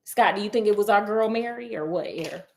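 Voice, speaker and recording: A woman's voice: medium pitch, fairly quick. A woman retelling a book in a sassy, chatty, comedic way with laughing asides. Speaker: storyteller.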